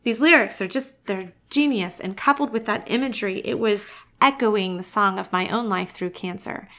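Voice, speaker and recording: A woman's voice: medium pitch, pushed and bright. A woman, a cancer survivor, giving a heartfelt, emphatic casual monologue and often saying "y'all" and "oh my gosh.".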